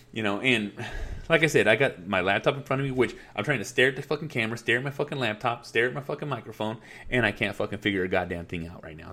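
A middle-aged man with a lowish, slightly bright voice rants through a casual monologue on his podcast. He records from home on a headset mic at his laptop, sounding frustrated, swearing freely and rambling as he goes.

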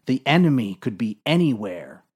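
A man voicing an earnest young male submarine sailor in a deadpan, matter-of-fact way. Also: medium pitch, normal speed, breathy edge.

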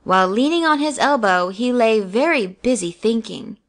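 A woman narrating a children's storybook aloud in a gentle, measured reading. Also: a little high, animated.

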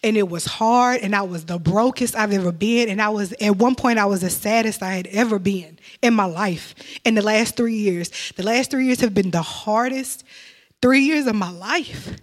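A young woman giving an emotional testimony in church, telling her story with sudden high exclamations. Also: moderate pace.

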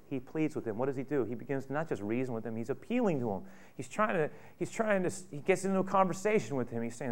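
A male pastor preaching a sermon, retelling a story in a conversational way with rhetorical questions. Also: mid-range voice.

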